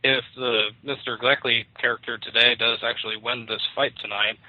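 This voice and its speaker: A man's voice: medium pitch, flat delivery, normal speed, no room sound, close to an everyday voice. A man doing a defiant young son on a thin phone line. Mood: sullen. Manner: defiant, contemptuous. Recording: tinny dry phone line.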